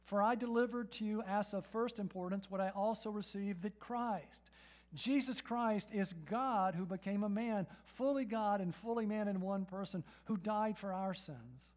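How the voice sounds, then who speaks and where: High-voiced man preaching a sermon. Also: moderate pace. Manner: emphatic, asks the audience questions and repeats "right?"; rises to loud, urgent peaks and drops to soft, intimate tones.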